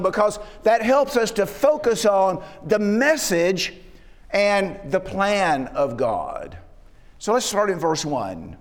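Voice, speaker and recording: A man preaching an expository sermon, walking through a passage verse by verse and asking rhetorical tag questions. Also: high voice. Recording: long reverb of a hall.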